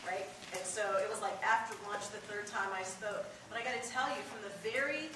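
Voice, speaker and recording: A woman giving a live motivational talk to a student audience, telling lively stories and joking with the crowd. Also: mid-range voice, a little fast. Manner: lively storyteller, jokes with the crowd. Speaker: motivational speaker. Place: large hall with an audience. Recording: echoey hall from far off, noisy.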